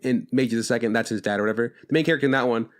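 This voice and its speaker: A man's voice: mid-range voice, racing. A man co-hosting a podcast, chatting casually and with lots of swearing about an anime, rambling and acting out lines from the show. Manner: rambling, profane, acts out quotes. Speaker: podcast co-host.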